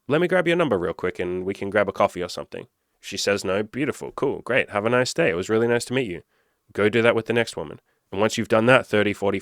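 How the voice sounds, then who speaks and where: A man's voice: lowish voice, a bit bright, no echo, studio quality. A man hosting a question-and-answer show, giving blunt, profane dating advice and acting out example lines. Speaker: podcast host answering listener questions. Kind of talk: casual advice monologue.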